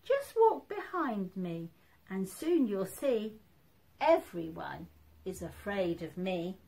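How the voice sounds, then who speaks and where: A woman's voice: mid-range voice, big pitch swings, takes it slowly, gravelly, dark tone, breathy edge, heavily acted. A woman voicing a small, clever, boastful male mouse from a picture book, cheeky in tone.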